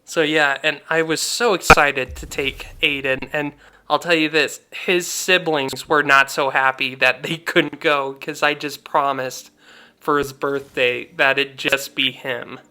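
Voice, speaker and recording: A man's voice: on the high side, fairly even intonation, a little slow, pushed and bright, clear, resonant tone. A young man hosting a gaming channel, chatting casually and heartfelt over gameplay, rambling with many fillers.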